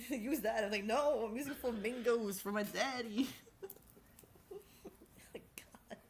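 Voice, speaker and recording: A woman's voice: on the high side, takes it slowly, slight background noise. A woman hosting a casual stream, talking in a giggly, rambling, self-deprecating way, with a lisp. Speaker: streamer host.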